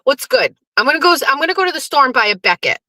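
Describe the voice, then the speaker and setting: A woman's voice: sits high, expressive, racing, bright, forceful tone, dry recording. A middle-aged woman hosting a live show, chatting casually to her viewers, swearing and talking back to the chat. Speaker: livestream show host.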